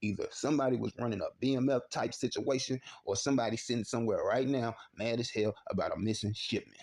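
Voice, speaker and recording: A man with a Texan accent hosting a comedic news show, loud and slangy as he jokes through the story. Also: medium pitch, fast. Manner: loud joking slangy delivery. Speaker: news commentary host.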